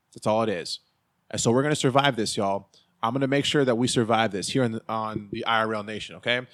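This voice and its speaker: Male host, fired-up preachy monologue, punchy repeated lines, mid pitch. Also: a bit bright. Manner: emphatic, preachy, repeats phrases. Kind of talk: fired-up vlog rant.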